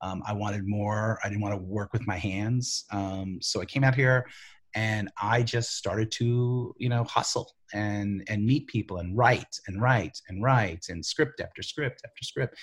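Man, middle-aged, from the Bronx, husky, somewhat low voice, loose rambling interview talk. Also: a little slow. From the Bronx, New York. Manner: loose, rambling, full of "you know" and "like". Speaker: screenwriter guest. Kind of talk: casual interview storytelling.

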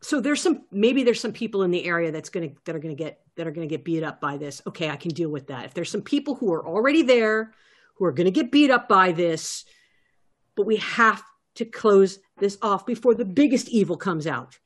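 A woman's voice: mid-range voice, lively intonation, a little fast. A woman playing a tabletop game, asking earnest, probing questions in character. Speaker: player.

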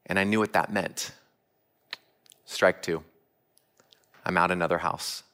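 Man, sermon, low-pitched, earnest storytelling, direct questions to the congregation. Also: steady tone, unhurried, a bit bright. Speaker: church speaker.

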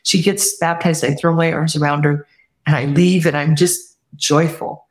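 A woman guest telling a personal story earnestly, often quoting what others said, and reflecting warmly on faith. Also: low-pitched, steady tone, moderate pace. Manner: earnest, heartfelt retelling with quoted dialogue; warm spiritual reflection. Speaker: podcast guest.

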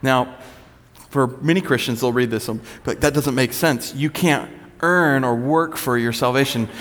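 A man, a pastor, giving a relaxed, conversational sermon with self-deprecating humor. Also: medium pitch, normal speed. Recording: long reverb of a large hall.

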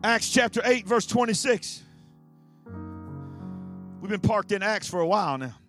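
A man, a pastor preaching an energetic sermon with frequent shouts and repeated phrases. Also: sits high, a little slow, faint music behind.

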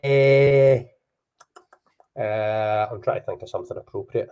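A man's voice: lowish voice, unhurried, mellow, clear, resonant tone. A man with a Scottish accent, hosting a casual football podcast with banter. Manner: banterous, says aye and wee. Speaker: podcast host.

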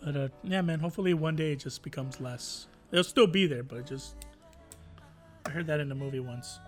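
A man's voice: on the high side, brisk, faint music behind. A man co-hosting a podcast, rambling and self-deprecating in casual chat. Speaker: podcast co-host.

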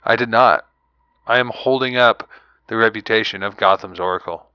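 A man's voice: fairly low pitch, normal speed, clear, resonant tone, dry recording, lo-fi sound. A man co-hosting a podcast in casual banter, playful and teasing, hamming it up. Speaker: podcast co-host.

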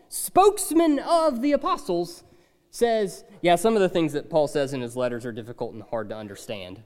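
A man's voice: high-pitched, darkish tone, in a large hall. A man preaching a conversational sermon, emphatic and repeating key phrases. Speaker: pastor.

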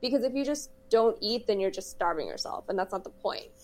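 A woman's voice: mid-range voice, lively intonation, fairly quick, darkish tone. A woman co-hosting a podcast, chatting casually and explaining things at length, laughing easily. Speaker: podcast co-host. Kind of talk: casual chat.

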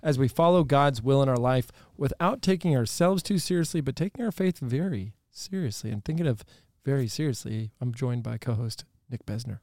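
A man from Texas hosting a podcast, telling jokey stories with quick laughs in casual banter with his co-hosts. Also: medium pitch, a little mellow, no echo, clean studio sound. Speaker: podcast host. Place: studio table with co-hosts.

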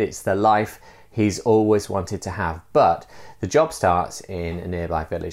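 A man preaching a sermon in a conversational way, telling a fable with frequent fillers. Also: lowish voice. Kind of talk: sermon with storytelling.

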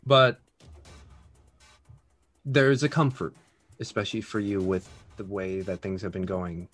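A man running a tabletop game as dungeon master, describing scenes in a slow narrating voice and turning upbeat when chatting. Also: fairly low pitch, fairly bright tone, soft background music.

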